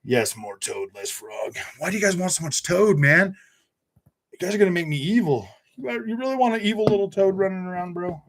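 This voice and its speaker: Guy on a gaming livestream, kinda high voice, rambly, jokey, keeps restarting sentences. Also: lively intonation, fairly quick, slight background noise. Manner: chatty, joking, many restarts and fillers; laughs often. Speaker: gaming channel host reading live chat. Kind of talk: casual live-stream chat.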